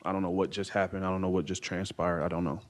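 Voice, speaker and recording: A man in his thirties giving halting courtroom testimony from the witness stand, full of fillers and uncertain pauses. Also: low voice, little pitch movement. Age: 30s. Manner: halting, hesitant, many fillers and "I don't know".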